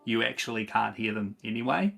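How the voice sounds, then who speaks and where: A man guest on a gaming podcast, explaining a game in casual chat with halting restarts. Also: fairly low pitch, expressive, gravelly, a bit bright.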